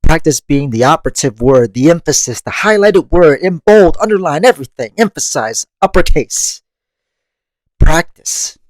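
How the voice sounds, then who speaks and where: A man's voice: fairly high pitch, animated, fairly quick, hardly any pauses, no room sound. A man hosting a monthly meditation podcast, reflecting on growth in a casual, conversational way, laughing often and swearing casually. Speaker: podcast host.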